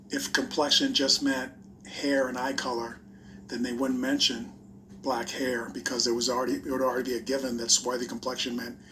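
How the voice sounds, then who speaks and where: Brief: male host of a history explainer, monotone read, faint background noise. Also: medium pitch. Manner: plain explanatory delivery with fillers. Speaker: video host. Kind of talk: narrated history video reading old newspapers.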